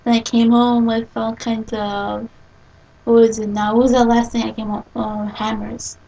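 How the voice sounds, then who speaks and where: A woman's voice: on the high side, level tone, normal speed, dark tone, highs cut off. A young woman chatting casually in a video blog, rambling through stories with lots of giggling and acted-out quotes. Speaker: vlogger. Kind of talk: casual chat. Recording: distant from the mic.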